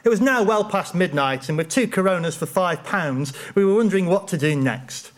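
A man telling a funny personal story with dry, deadpan wit. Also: high-pitched, moderate pace.

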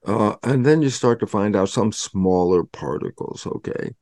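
An older man, a guest scientist, explaining in an animated storytelling way and acting out both sides of his own dialogues. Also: on the low side, moderate pace, dry recording, clean studio sound.

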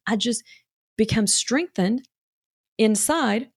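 A woman's voice: a little high, slow, slightly rough, no echo, studio quality. A woman talking as a parenting coach, chatty and reassuring, with lots of fillers. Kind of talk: casual coaching talk.

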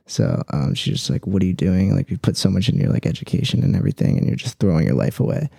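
A man's voice: sits low, wildly swooping pitch, fast, gravelly, mellow, breathy edge, no echo, studio quality. A young man chatting casually as a podcast guest, rambling with lots of "like" and "dude". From Philippine heritage.

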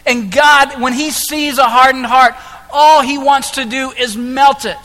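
A man preaching a sermon as pastor, impassioned, moving between hushed lines and loud ones. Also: very high-pitched, fairly even intonation, unhurried. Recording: echoey hall with long reverb.

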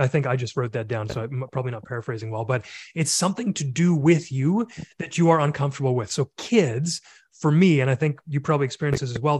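A man's voice: mid-range voice, no room sound. Earnest, reflective man on a dry mic. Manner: earnest, reflective, rambling with fillers. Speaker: podcast host and men's coach. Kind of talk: casual conversational podcast.

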